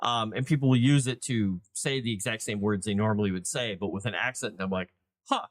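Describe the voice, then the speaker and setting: This man's voice sits lowish, captured dry and clean in a studio. He's a game master hosting a livestream, talking loosely about running tabletop games and rambling through plenty of fillers and false starts.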